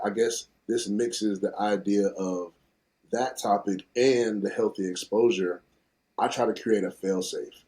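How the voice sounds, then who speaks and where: Man, 30s, podcast host, low-pitched, mellow tone, reflective, earnest. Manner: reflective and earnest, speaking in long connected thoughts. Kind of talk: casual podcast conversation.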